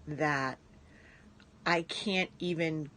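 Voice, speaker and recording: A woman's voice: sits low, very slow, a bit bright. A woman giving a casual, gushing tribute message and swearing freely.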